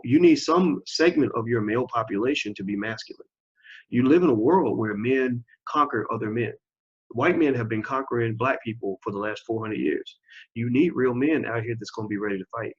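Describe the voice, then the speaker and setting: Man, 40s, husky voice, channel host, preachy opinion monologue, muffled recording. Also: mid-range voice, a little fast. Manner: emphatic and preachy, repeats phrases for stress. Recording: dull lo-fi recording.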